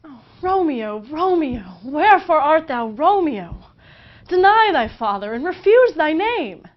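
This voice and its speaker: A woman's voice: high voice, very animated, a little slow, pitched above the performer's own voice. A woman voicing young Juliet, declaiming verse dramatically in a raised voice. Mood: impassioned. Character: young lovestruck girl Juliet, impassioned. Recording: slightly dull lo-fi recording.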